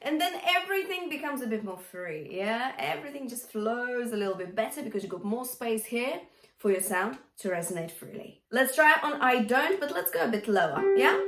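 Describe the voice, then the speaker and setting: A woman coaching singers in a lesson, her voice sitting a little high as she keeps asking "yeah?" to check they follow. She sounds encouraging throughout. The recording carries a noticeable room echo. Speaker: vocal coach. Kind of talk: singing lesson.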